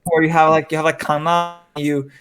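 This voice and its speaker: A man with a somewhat high voice chats casually as a podcast host. He rambles freely and leans heavily on "like" and tag questions. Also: flat delivery, brisk, fairly bright tone, clean tone. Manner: rambling, heavy use of "like" and "right?". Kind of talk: casual chat. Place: lives in Korea.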